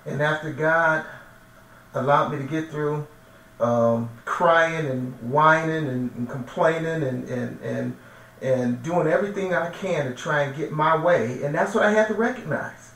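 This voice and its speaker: A minister with a somewhat high, slightly bright voice speaks at a measured pace, sharing a heartfelt personal testimony. Earnest and emotional, he often repeats himself while searching for words. The recording has an echoey room, a distant mic, and faint noise.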